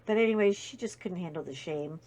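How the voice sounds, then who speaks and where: A woman's voice: fairly low pitch, lively intonation, fairly quick, a little mellow. A woman hosting a casual crafting video, telling an anecdote with many fillers and acted-out quotes. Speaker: video host. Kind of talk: casual storytelling while diamond painting.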